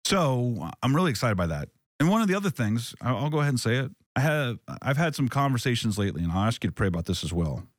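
A man's voice: mid-range voice, big pitch swings, quick pace, no room sound, clean studio sound. A man hosting a casual faith podcast, talking earnestly and reflectively, often restarting his sentences. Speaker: podcast host.

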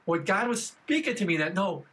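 A man's voice: high-pitched, big pitch swings, moderate pace, fairly bright tone, husky. A man giving an earnest personal testimony at a faith gathering, retelling his prayers as dialogue.

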